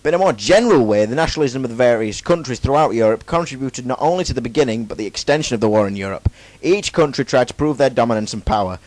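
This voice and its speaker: A man's voice: mid-range voice, lively intonation, quick pace, darkish tone, dry recording, poor audio. A young man giving a casual, jokey school presentation, reading his facts and then breaking off into playful, self-mocking asides. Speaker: student presenter.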